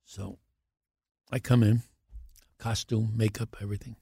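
An older man, a guest actor on a podcast, telling lively anecdotes and acting out the voices of the people in them. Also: fairly low pitch, a little slow, vocal fry, slightly rough, dry recording, clean studio sound. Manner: animated anecdotes, acting out the other voices in his stories. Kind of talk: podcast interview storytelling.

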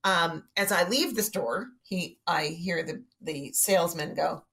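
A woman's voice: on the low side, moderate pace, hardly any pauses, fairly bright tone. A woman guest telling a funny anecdote in a chatty way, acting out the voices of the people in it. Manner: chatty, acts out voices in story. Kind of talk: comedic anecdote.

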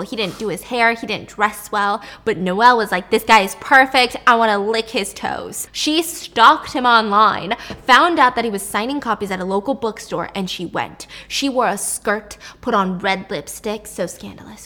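A woman's voice: mid-range voice, pushed and bright. A woman telling a story to a friend in a chatty, casual way, swearing and checking in with questions. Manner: chatty, profane, asks the listener questions.

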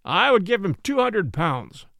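A grasping churchman full of scorn, voiced by a man reading aloud, who snaps sharp, sneering words. The voice is high and lively with gravel in it, captured dry and close. The whole thing sounds like an old-style tale told aloud. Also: measured pace, no echo, full character voice. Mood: angry.

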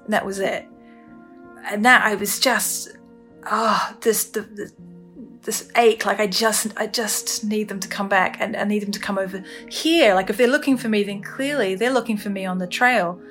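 A woman telling her own story on a podcast, halting and emotional, with many restarts. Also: medium pitch, fairly bright tone. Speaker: storyteller recounting her ordeal. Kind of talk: candid first-person podcast testimony.

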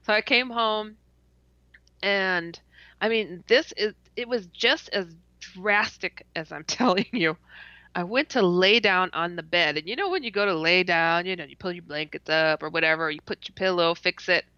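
A woman telling a personal story in a casual interview, animated and laughing often, stuttering and restarting as she goes. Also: fairly low pitch, moderate pace, clear, resonant tone, no echo. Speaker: interview guest. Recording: dull lo-fi dry recording.

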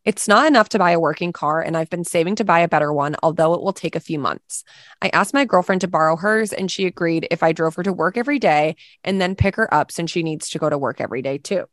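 A woman's voice: on the low side, quick pace, dry recording, clean studio sound. A woman co-hosting a podcast, chatting casually, swearing and laughing often, and reading a listener's post aloud. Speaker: podcast co-host.

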